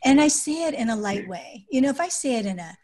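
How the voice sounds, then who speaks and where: Soft-spoken woman giving parenting advice. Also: a little high, expressive, quick pace. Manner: warm, explaining with practical examples. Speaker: guest, adoptive parent and author. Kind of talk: podcast interview conversation.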